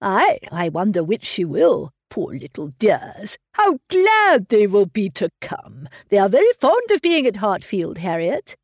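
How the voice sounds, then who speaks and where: A woman voicing a fretful elderly gentleman who fusses and sighs over his family, read from a classic novel. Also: medium pitch, huge pitch swings, a little slow, hardly any pauses, dry recording, clean studio sound, exaggerated voice. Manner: plaintive, sighing, fussing over family. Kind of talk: audiobook reading of a classic novel.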